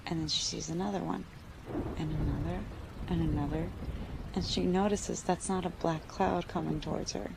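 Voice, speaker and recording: A young woman tells a scary story in a low, gravelly voice, loose and chatty, saying "like" often. The recording is noisy, with steady background hiss. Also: moderate pace. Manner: casual, uses "like" a lot. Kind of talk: casual spooky storytelling.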